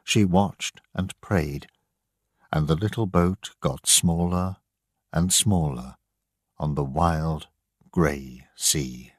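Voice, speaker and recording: Slow deep guy reading a story out, kinda husky, very dry. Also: no echo. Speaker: narrator. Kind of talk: scripted storybook narration for learners.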